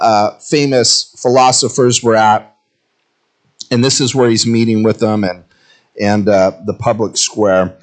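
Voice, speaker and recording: A man preaching a relaxed, conversational sermon with a medium-pitched voice. He talks to his congregation like old friends, slipping into playful asides and little jokes as he goes. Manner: conversational, jokey, animated asides. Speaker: pastor. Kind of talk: casual sermon.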